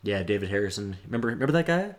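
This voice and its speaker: Low-voiced man groping for names. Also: very animated, rapid-fire. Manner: hesitant, searches for names, trails off. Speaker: podcast co-host. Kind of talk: casual sports chat.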